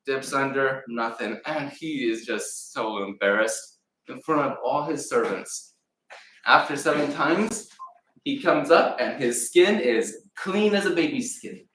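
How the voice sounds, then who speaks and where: A man preaching a sermon in a church, retelling a story with lively acted-out voices. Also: medium pitch, a little slow, a little hiss or hum. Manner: animated storyteller acting out voices. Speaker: pastor. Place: church sanctuary. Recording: echoey room, mic at a distance.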